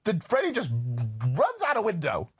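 A podcast co-host in a casual film discussion, talking in an animated, rambling way full of "like" and "literally", with swearing. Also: medium pitch, unhurried, breathy edge.

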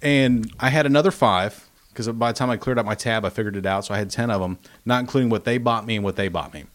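Man, casual chat, animated acted-out quotes, home livestream. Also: on the low side, fast. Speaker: livestream host. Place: home, spare bathroom.

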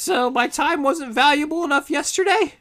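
A man's voice: bright, forceful tone, heavily acted. Man putting on a sugary old hag shopkeeper. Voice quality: high sing-song old lady voice, sweet-talking.

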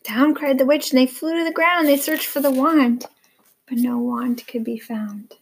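A woman's voice: sits high, fairly even intonation, moderate pace, slight background noise. A woman reading a picture book aloud in turns with a child, prompting the next lines.

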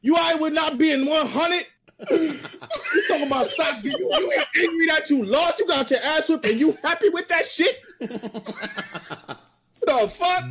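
A man voicing a loud, trash-talking male gamer who shouts and laughs through a mock rant, with chatter behind him. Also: very high voice, moderate pace, long pauses, pitched above the performer's own voice. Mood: outraged. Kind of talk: mock rendition for friends.

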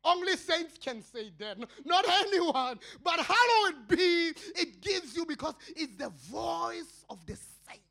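South African male pastor, slow fiery sermon, cries out then drops to murmurs. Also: big pitch swings, vocal fry. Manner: impassioned, swinging between shouted cries and low murmurs.

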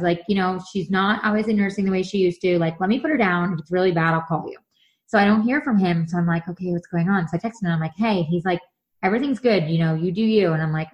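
A woman's voice: mid-range voice, lo-fi sound. A woman in her thirties chatting casually as a co-host, telling stories and acting out what others said. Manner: chatty, animated storyteller acting out quotes. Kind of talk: casual chat.

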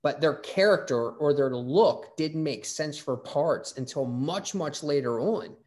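A middle-aged podcast host runs a casual interview, telling rambling stories and swearing freely as a lively storyteller. His voice is fairly high and his pace measured.

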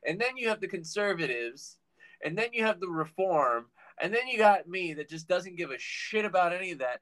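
A man's voice: high voice, lively intonation, normal speed, a bit bright. A man from Guam, a stand-up comedian joking and rambling irreverently in a casual chat.

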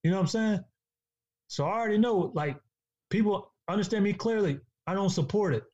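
A man's voice: high voice, a little fast, darkish tone. A man in a casual podcast discussion, talking in an emphatic, preachy way and repeating himself for stress. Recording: dull lo-fi sound.

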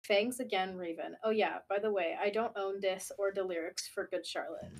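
A young woman co-hosting a casual podcast, reading fanfiction aloud in a laid-back, deadpan way with quick asides. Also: mid-range voice. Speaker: podcast co-host.

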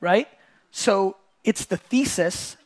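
Casting note: middle-aged man, high-pitched voice, blunt live keynote delivery, swears, hammers each point twice. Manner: blunt, fast-talking, swears, repeats points for emphasis. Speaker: entrepreneur and host. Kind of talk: keynote talk to a live audience.

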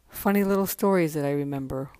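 A woman in her forties hosting a podcast, talking casually in a soft, halting way, worn out from crying. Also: low voice, smooth, no room sound. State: exhausted from crying. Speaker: podcast host. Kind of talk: casual spoken tribute monologue.

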